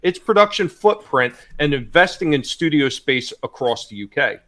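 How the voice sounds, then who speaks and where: A man's voice: on the high side, sing-song, normal speed, pushed and bright. A man on a podcast panel explaining his view plainly in casual chat, dismissive of the studio.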